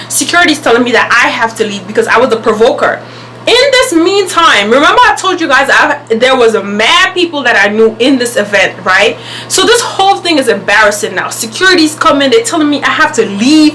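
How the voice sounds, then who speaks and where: A woman's voice: high-pitched, slight background noise, low-quality recording. A young woman vlogger telling a story in a casual, emphatic, indignant way. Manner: animated, emphatic, indignant retelling.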